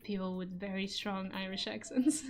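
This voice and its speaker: A young European streamer and voice actor chats casually with her audience from a home room, laughing often and swearing now and then. Her accented voice is medium-pitched and darkish at normal speed, picked up by a desk-stand microphone.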